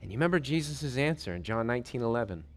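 A man preaching a sermon, reading and retelling scripture in an animated way and acting out the scenes. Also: medium pitch, rapid-fire.

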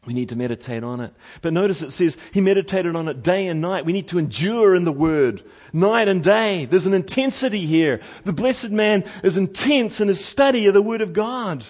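A man preaching a sermon in a folksy way, repeating words and swinging from loud emphasis to hushed lines. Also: sits high, lively intonation, moderate pace, few pauses. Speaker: pastor.

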